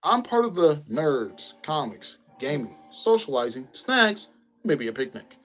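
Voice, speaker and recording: A man hosting a casual chat, relaxed and rambling, often breaking into laughter. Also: fairly high pitch, unhurried, faint music behind, rough recording. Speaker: host.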